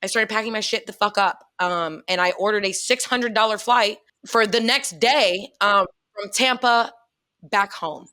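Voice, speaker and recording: A woman's voice: medium pitch, unhurried. A woman co-hosting a podcast who tells a personal story in casual chat. She speaks bluntly, swears a lot and laughs often. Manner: profane, blunt and animated. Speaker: podcast co-host.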